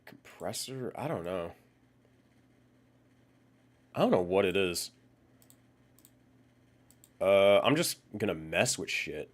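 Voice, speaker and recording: A man's voice: deep voice, lively intonation, takes it slowly, long pauses. A man live-streaming in casual chat, swearing and muttering to himself while he fiddles with his audio settings.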